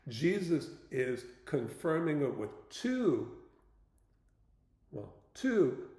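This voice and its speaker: Slow-spoken man teaching scripture. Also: on the high side, sing-song, mellow, echoey room. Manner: slow, plain-spoken, pausing with fillers. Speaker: Bible teacher. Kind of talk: informal Bible teaching talk.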